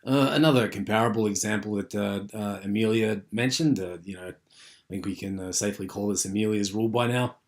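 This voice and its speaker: A man's voice: on the low side, a little fast. A man giving an unscripted university lecture, rambling with many fillers and restarts.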